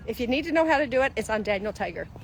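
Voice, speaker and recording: A woman's voice: on the high side, slight background noise. A woman in her fifties hosting a live-streamed motivational talk, coaching viewers directly in an earnest way. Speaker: host.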